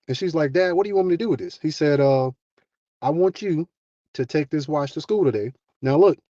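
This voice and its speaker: A man's voice: medium pitch, mellow, no echo. A man telling a motivational story in a casual, folksy way, acting out the dialogue of its characters. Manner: folksy and conversational, acts out dialogue. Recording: dull, muffled lo-fi sound.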